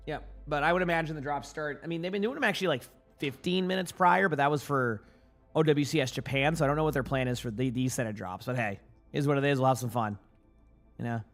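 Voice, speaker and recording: A man's voice: on the high side, fast talker. Sleepy morning-voice guy rambling to chat on stream, trips over words a lot, faint music playing. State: morning voice, just woke up. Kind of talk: casual livestream chat.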